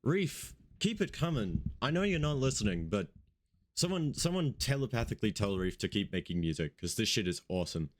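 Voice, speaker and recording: A man's voice: fairly low pitch, sing-song, a little fast. A man hosting an online radio show, rambling loosely through news and events, swearing casually and sounding like he just woke up.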